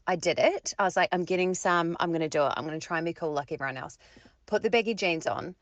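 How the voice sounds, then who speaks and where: A woman's voice: fairly low pitch, fast, dry recording. A woman in her thirties ranting, exasperated and self-mocking, in a phone voice memo. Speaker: friend sending a voice note. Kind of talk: ranting voice message.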